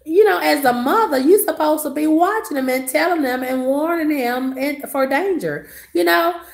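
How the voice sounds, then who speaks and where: A woman's voice: high voice, moderate pace, gravelly. Sassy woman ranting in an echoey room. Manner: profane, sassy, exaggerated. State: coughing. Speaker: vlogger. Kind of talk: ranting monologue.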